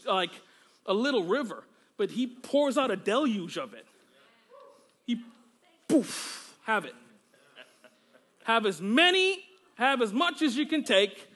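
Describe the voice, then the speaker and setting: A man's voice: extremely high pitch, fairly bright tone. A male pastor preaching a sermon during a church service. He is fervent and exclamatory, breaking into praise often and joking casually with the congregation.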